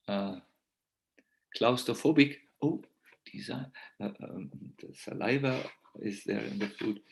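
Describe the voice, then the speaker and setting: A man giving a festival sermon as a story, slow and hesitant, with many pauses and fillers. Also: fairly low pitch, creaky, poor audio. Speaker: visiting swami, speaker. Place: temple festival talk.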